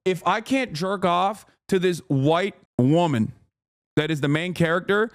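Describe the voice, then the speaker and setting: A man putting on the voice of a whiny, outraged male gamer, shouting in a shrill mocking tone. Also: measured pace.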